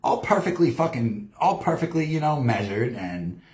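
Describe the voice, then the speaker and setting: A man's voice: medium pitch, moderate pace. A man hosting a live show, rambling through a story in casual, profane talk and acting out what people said. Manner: heavy swearing, lively storytelling, acts out quotes. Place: home studio. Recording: roomy echo.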